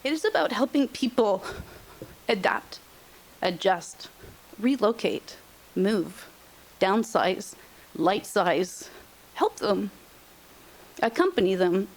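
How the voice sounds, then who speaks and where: A woman's voice: mid-range voice, sing-song, slow pace, pauses often. A middle-aged woman presenting on aging and senior housing, speaking emphatically and repeating her points, openly emotional. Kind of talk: heartfelt motivational talk.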